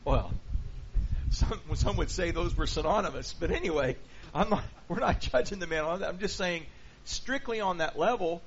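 A man's voice: high voice, expressive, moderate pace. A man preaching in a conversational teaching style, checking in with his listeners through rhetorical questions. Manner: peppers points with rhetorical "okay?" and "right?". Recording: dull lo-fi recording with faint background noise.

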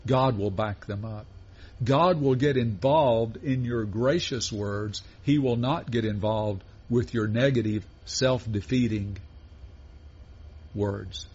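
A pastor delivers a sermon in a husky, slightly breathy voice, speaking at a mid pitch. He works through his points in a measured way and poses question after question to his listeners. The recording sounds dull and lo-fi. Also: a little mellow. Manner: measured preaching with rhetorical questions.

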